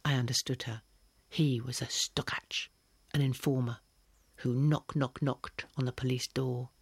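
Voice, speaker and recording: A man's voice: medium pitch, level tone, measured pace, vocal fry, husky, no echo. Man reading a story, dry sound. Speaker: audiobook reader. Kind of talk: scripted first-person narration.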